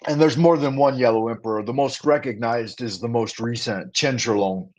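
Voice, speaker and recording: A man's voice: mid-range voice, steady tone, moderate pace, darkish tone. A man hosting a casual livestream food review, talking to his viewers in a playful, chatty way with rhyming patter and asides. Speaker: livestream host. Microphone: livestream setup.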